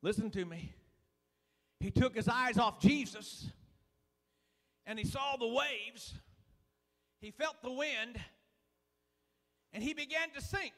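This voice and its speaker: A man preaching a sermon in a folksy, fervent way, dotting his lines with "uh" and dropping suddenly to a hush. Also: very high voice, slow pace, long pauses. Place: church sanctuary. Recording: long reverb of a church hall.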